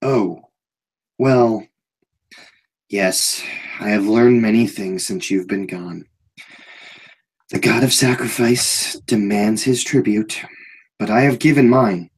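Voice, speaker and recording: A man voicing a large, childlike, zealous man guard who talks in an excited, eager, oddly fervent way in a tabletop role-play. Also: on the low side, slow pace, pauses often, breathy edge, pitched above the performer's own voice, exaggerated voice, low-quality recording.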